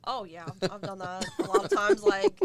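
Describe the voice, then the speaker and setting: A woman who works as a haunted trail actor, chatting on a podcast with blunt, deadpan answers. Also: mid-range voice, fairly quick, vocal fry. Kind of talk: casual podcast chat.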